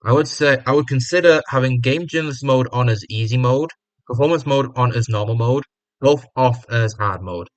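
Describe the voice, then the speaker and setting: A man's voice: mid-range voice, normal speed, dry recording. A man from the UK with a British accent, giving casual, rambling commentary on a game stream as he thinks aloud. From United Kingdom.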